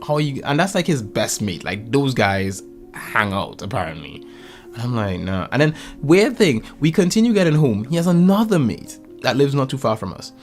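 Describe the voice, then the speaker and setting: A man chats casually and tells stories, acting out each quoted line. His pitch swings widely as he goes, and faint music plays underneath. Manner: animated storyteller, acts out quotes. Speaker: podcast guest. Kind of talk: casual chat.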